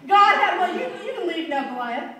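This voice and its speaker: In a church room full of children, a woman tells a Bible story playfully, asking them questions and laughing often. Her voice is very high-pitched, sing-song and a bit bright, at a moderate pace. The room is echoey, the mic sits far off, and there's faint noise.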